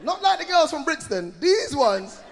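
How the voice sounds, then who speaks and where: Man, stand-up comedian, loud excitable storytelling, high lively voice, crowd noise. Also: normal speed. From London.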